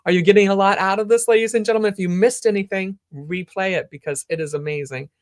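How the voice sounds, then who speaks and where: A woman's voice: mid-range voice, quick pace, darkish tone. A woman hosting a live-streamed interview show, greeting viewers by name and putting questions to her guest. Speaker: talk show host.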